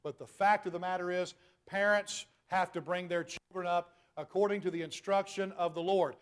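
Middle-aged male preacher, high-pitched, emphatic, pushes to loud peaks. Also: steady tone, moderate pace, clear, resonant tone. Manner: emphatic, rhetorical questions, rising to loud peaks. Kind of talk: sermon.

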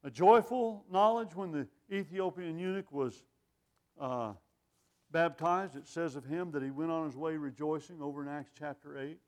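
A man's voice: fairly high pitch, moderate pace. Older male preacher joking through a sermon. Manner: self-deprecating humor, laughs at himself; lively, animated delivery.

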